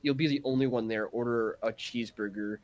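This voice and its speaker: A man's voice: mid-range voice, fairly even intonation, brisk. A man co-hosting a casual podcast, ranting with profanity and mocking impressions of rude workers. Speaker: podcast co-host.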